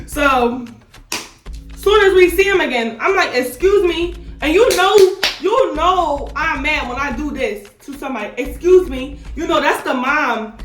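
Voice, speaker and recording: A young woman vlogger telling a storytime in a slangy, animated, indignant way, firing off rhetorical questions. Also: high-pitched. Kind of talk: storytime vlog. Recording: echoey room, mic at a distance, faint music.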